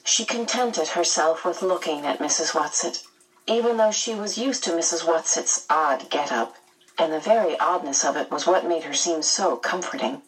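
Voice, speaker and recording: A woman narrating a storybook chapter aloud in a measured, gentle way. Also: low-pitched, far from the mic, rough recording. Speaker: audiobook narrator.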